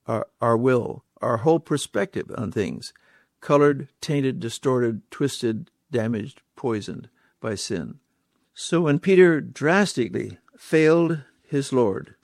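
A man's voice: mid-range voice, gravelly, a little mellow, dry recording, clean studio sound. Emphatic male preacher, rhetorical questions. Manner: emphatic, repeats key words, asks rhetorical questions. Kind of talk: sermon.

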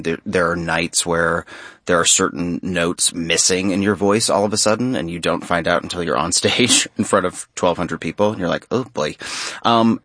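Deep-voiced man telling a backstage story. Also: dry recording, studio quality. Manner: animated storyteller with frequent restarts. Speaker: interview guest, stage actor. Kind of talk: conversational radio interview.

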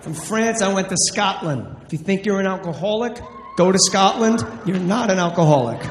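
A man's voice: sits high, moderate pace, a little hiss or hum. A man from New Jersey doing a brash, profane stand-up routine. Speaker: stand-up comedian. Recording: live club, echoey hall.

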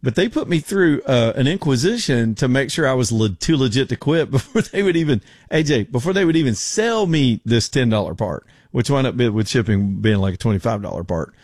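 A man with a drawl rambles through folksy stories as a radio host. His voice is mid-pitched and sits close and dry in a studio with no room sound. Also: lively intonation, fairly quick, hardly any pauses, darkish tone, no echo. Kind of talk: casual talk radio.

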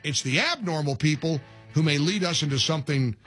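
A male talk radio host who takes calls and reads ads himself, animated, often repeating his words and laughing quickly. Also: fairly high pitch, soft background music.

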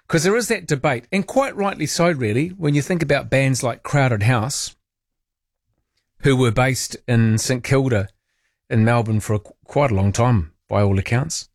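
A man's voice: medium pitch, measured pace. Wry New Zealand radio host man. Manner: chatty, wry, asks listeners questions. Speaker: overnight talk radio host. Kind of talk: casual radio chat. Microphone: studio microphone.

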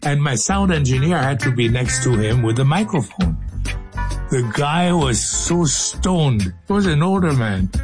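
In a radio studio, a man jokes and laughs through outtakes and stories, now and then slipping into a sing-song voice, with music in the background. His voice is a little high and a little slow, swinging widely in pitch during this playful banter.

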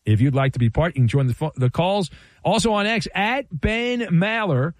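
A man's voice: high voice, animated, normal speed, dry recording. A man hosting a call-in sports talk radio show, delivering a playful, wry monologue full of rhetorical flourishes.

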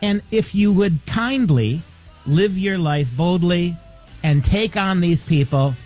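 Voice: mid-range voice, slow, a little mellow, soft background music. A political commentator delivering a mocking, combative opinion monologue full of rhetorical questions.

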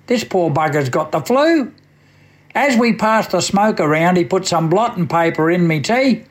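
A man with an Australian accent recites a comic bush poem in a high voice for radio. He tells it in a dry, drawling storyteller's way. His voice sits well above most men's. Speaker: radio poet.

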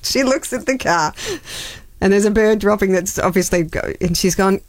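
A woman's voice: mid-range voice, normal speed, no echo, studio quality. A woman in her thirties, co-hosting breakfast radio and telling a funny family story with lots of laughter and restarts. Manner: animated storyteller, laughs often, many restarts. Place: radio studio.

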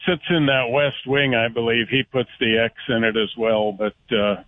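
A man's voice: medium pitch, fairly even intonation, moderate pace, no room sound, phone-quality sound. A man joining the show with good-natured, chuckling ribbing. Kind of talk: casual on-air banter.

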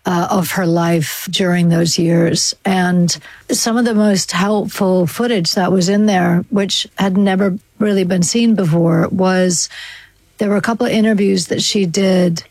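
A woman's voice: lowish voice, fairly even intonation, a little slow, a little mellow, no room sound. A woman guest answering in an interview, speaking thoughtfully and at length. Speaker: podcast guest.

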